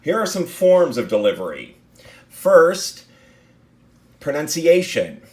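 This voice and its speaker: A man's voice: a little high, big pitch swings, slow. A man teaching a class on speech delivery, talking in a loose, conversational way and asking the listener rhetorical questions. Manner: conversational, with many fillers and restarts. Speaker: instructor. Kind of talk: recorded lecture on speech delivery.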